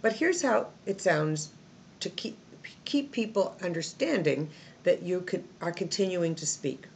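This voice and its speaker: Low, lively-voiced woman teaching intonation. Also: measured pace, vocal fry, slight background noise. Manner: demonstrates intonation with example sentences. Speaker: English teacher. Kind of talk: recorded textbook lesson. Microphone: phone camera.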